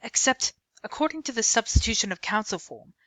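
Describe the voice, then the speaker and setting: A man's voice: sits high, big pitch swings, brisk, fairly bright tone, no echo, voice pushed up. Woman doing a polite dapper British lawyer. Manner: polite, breezy, confident.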